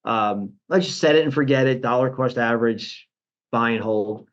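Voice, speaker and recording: A man talking as a guest in a financial interview. His pitch sits in the middle range. He talks in an animated way, restarts his sentences often and acts out other people's voices to mock them. The audio sounds dull and lo-fi. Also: moderate pace. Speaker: guest, portfolio manager.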